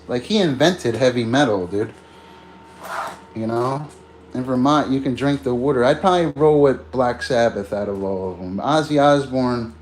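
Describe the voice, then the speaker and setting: A man's voice: mid-range voice, a little mellow. A man in loose, rambling casual chat, talking straight to his viewers and tossing in "man" and "bro.". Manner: loose and meandering, peppers talk with "man" and "bro"; chats directly to viewers, greeting them. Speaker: streamer.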